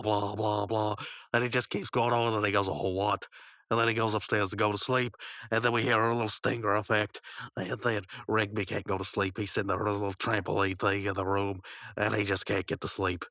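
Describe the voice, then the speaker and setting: A man's voice: on the low side, bright, forceful tone, no echo. A man hosting a podcast, casually recapping a cartoon episode in a rambling way, teasing his co-host and acting out lines.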